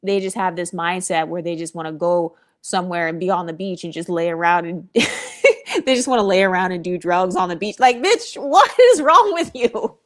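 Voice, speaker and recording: A woman's voice: on the low side, fairly quick. Sassy, profane woman vlogger. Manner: sassy, blunt and profane, with mocking asides. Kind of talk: opinionated casual commentary.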